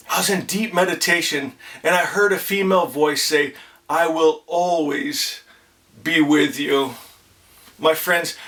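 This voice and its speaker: A man's voice: high-pitched, pushed and bright. A man hosting a spiritual channel, speaking to his viewers in an effusive, heartfelt way, repeating "my friends" and often stammering and restarting. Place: indoors at home. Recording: voice a bit distant from the mic.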